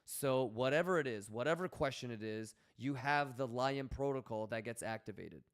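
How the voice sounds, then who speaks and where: A man's voice: mid-range voice, moderate pace, clear, resonant tone. A man hosting a livestream, talking casually and bluntly to his chat, swearing often and coaching viewers. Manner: blunt, profane, coaching tone, reads chat aloud. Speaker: livestream host.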